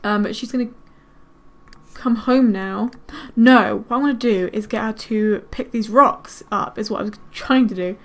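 In this let's-play clip, a woman who makes gaming videos chats casually with the characters on screen, her mid-range voice breaking into quick bursts of excitement.

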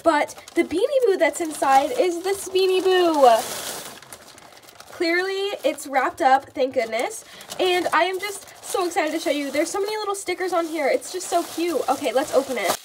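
A woman with a very high, bright voice unboxes fan mail on her vlog. She gushes and gasps with excitement, repeating how cute everything is. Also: normal speed, slight background noise. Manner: gushing, gasping, repeats "oh my gosh".

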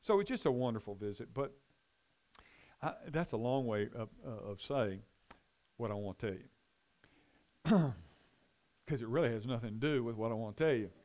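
A man's voice: medium pitch, lively intonation, moderate pace, long pauses, a little mellow. A middle-aged man, a pastor, teaching a Bible study and telling a rambling story full of restarts.

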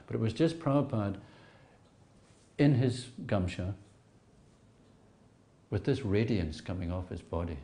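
A man with a lowish voice reflectively tells a story from his own past, repeating words often and slipping into soft asides.

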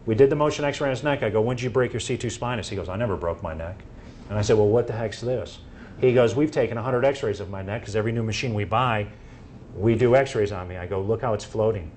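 A man's voice: lowish voice, fast, a little mellow, slight background noise. A man presenting to a room, walking through cases and acting out his exchanges with patients and doctors. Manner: anecdotal, acts out quoted exchanges. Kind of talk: live medical presentation.

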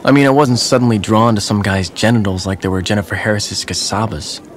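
A man's voice: lowish voice, steady tone, brisk, a little hiss or hum, lightly acted. A man voicing Tom, a dry reflective teen narrator. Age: teens. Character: reserved teenage boy, Tom. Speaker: narrator and high school student.

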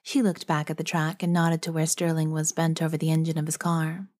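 Woman, low pitch, first-person audiobook narration, steady, clear. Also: a little fast.

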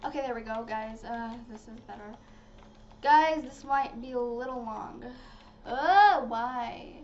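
High-voiced chatty woman playing a game. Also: slow pace. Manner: chatty and excitable, talks to viewers as "guys". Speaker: gaming channel host. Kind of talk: casual gameplay commentary. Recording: slightly dull lo-fi audio with faint noise.

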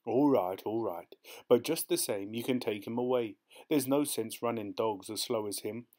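A man's voice: mid-range voice, moderate pace, natural voice. A man doing a curt, cocky race organiser. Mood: brusque. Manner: curt, dismissive, sharp and loud. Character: brisk cocky small male dog-race organiser. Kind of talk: audiobook character voice.

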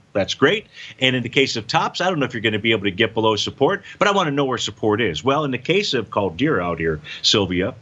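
A man's voice: mid-range voice, a bit bright, highs cut off. A man hosting a live financial talk show, folksy and emphatic, answering viewer questions and repeating his points. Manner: folksy, emphatic, repeats phrases, says "out there" a lot. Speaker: market show host.

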